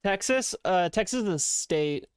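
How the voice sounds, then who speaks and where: A man's voice: high voice, animated, a little slow, smooth. A man from Canada chatting casually on a live stream, rambling and joking about himself. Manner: rambling, self-deprecating and joking. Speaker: livestreamer.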